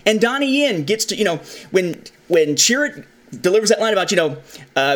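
A man's voice: high voice, big pitch swings, brisk, a bit bright. A man hosting a casual film discussion, talking with animation and acting out the lines he quotes. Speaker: podcast host.

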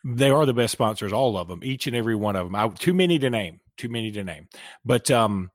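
A man's voice: medium pitch, expressive, quick pace, no room sound. A man with a Southern US accent hosting a sports podcast, chatting casually and cracking dry jokes. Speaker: podcast host.

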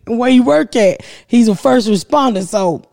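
A middle-aged woman hosting a comedy podcast, telling a story loudly and profanely, laughing often and acting out every voice in it. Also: on the high side, expressive, slow pace, creaky. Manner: loud, profane, laughs often, acts out every voice in her stories.

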